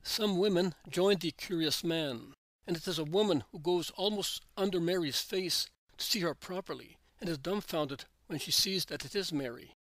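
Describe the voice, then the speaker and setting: A man reads a religious story aloud in steady, measured narration. His voice sits a little high for a man and sounds close and dry, with no room around it. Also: no room sound, rough recording.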